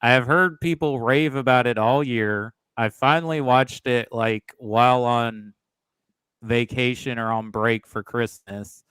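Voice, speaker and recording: A man chatting as a guest on a film podcast, his voice smooth and resonant. The sound is close and dry, with no room around it, and he speaks in a chatty, opinionated way. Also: medium pitch, fairly even intonation, unhurried, fairly bright tone, no echo. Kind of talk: casual film discussion.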